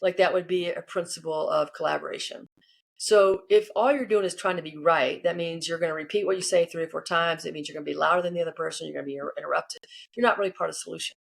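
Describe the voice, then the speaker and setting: Woman coach, quick delivery, lively storyteller who voices the people she quotes. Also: sits low, creaky. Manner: animated, acts out quoted people. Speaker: guest, leadership coach. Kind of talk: casual interview answers, storytelling.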